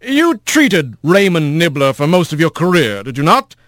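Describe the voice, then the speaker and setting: A man's voice: a little high, big pitch swings, normal speed, a bit bright, dry recording, studio quality, voice pushed up. A man voicing a male animal prosecutor who asks formal, leading questions.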